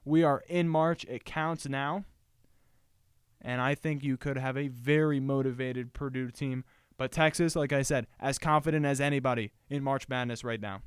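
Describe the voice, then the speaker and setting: A man's voice: medium pitch, fairly even intonation, moderate pace, clear, resonant tone, no room sound. Emphatic sports host man, dry close mic. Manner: emphatic, repeats points for stress. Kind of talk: solo sports commentary.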